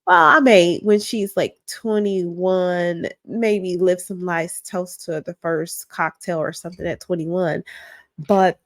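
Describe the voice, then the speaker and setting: A woman's voice: fairly low pitch, slow, no room sound. Candid woman podcast host, dry close sound. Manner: candid, reflective, conversational. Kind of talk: casual solo podcast talk.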